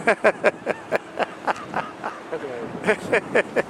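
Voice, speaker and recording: A man's voice: high-pitched, very animated, drawn-out words. A man filming his family outside a restaurant, chatting casually and chuckling often as he narrates. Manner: chuckles often, easygoing drawl. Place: outdoors on a town street by a restaurant. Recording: street noise and wind outdoors.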